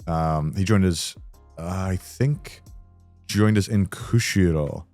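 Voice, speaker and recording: A man's voice: low voice, slow, darkish tone, soft background music. A man co-hosting a podcast, telling a story in casual chat, rambling and swearing often. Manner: rambling and profane, with frequent fillers and laughter. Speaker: podcast co-host.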